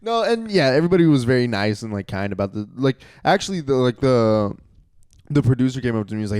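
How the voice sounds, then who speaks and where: A man's voice: mid-range voice, fast talker, clean tone, no echo, clean studio sound. A young man co-hosting a casual comedy podcast, telling self-deprecating stories about his stand-up sets. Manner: self-deprecating, animated storytelling with quoted voices. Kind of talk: casual chat.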